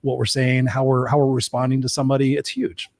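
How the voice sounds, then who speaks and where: A man's voice: mid-range voice, quick pace, creaky, dry recording. A middle-aged man co-hosting a talk show, talking energetically and giving practical advice. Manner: energetic, advice-giving, talks in long runs. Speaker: co-host. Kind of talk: casual chat.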